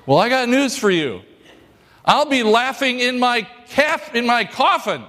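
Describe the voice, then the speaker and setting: A male pastor giving a sermon in a church, joking and telling stories in a lively way. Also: very high voice, measured pace, long reverb tail.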